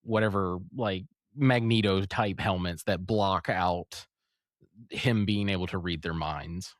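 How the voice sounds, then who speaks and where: A man's voice: low-pitched, slow, no room sound, clean studio sound. A man co-hosting a podcast, chatting casually about a comic, retelling scenes and laughing often. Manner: animated retelling, acts out quotes, laughs often. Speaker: podcast co-host. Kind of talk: casual comic review chat.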